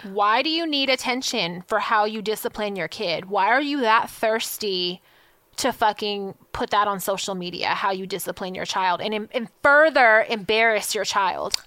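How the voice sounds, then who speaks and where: A woman's voice: medium pitch, lively intonation, normal speed, bright, forceful tone, no echo. Woman, mid-range voice, outspoken profane casual chat. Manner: outspoken, indignant, profane reactions. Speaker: podcast co-host.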